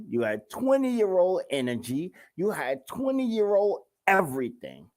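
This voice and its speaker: A man's voice: high voice, sing-song, measured pace, hardly any pauses, darkish tone. A man hosting his own show, talking casually and in slang straight to his viewers. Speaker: show host. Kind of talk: casual talk-show monologue.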